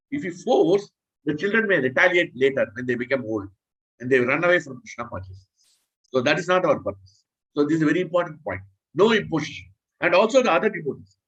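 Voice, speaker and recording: A man's voice: fairly high pitch, a bit bright, breathy edge, highs cut off. A man preaching a scripture class in an earnest, repetitive, instructive way.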